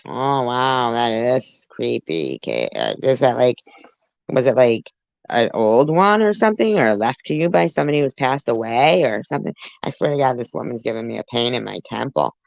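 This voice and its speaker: A woman's voice: extremely low pitch, animated, normal speed, vocal fry, no echo. A woman hosting a reaction commentary, talking back at a clip with sarcastic, mocking asides. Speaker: commentary channel host. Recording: muffled lo-fi audio.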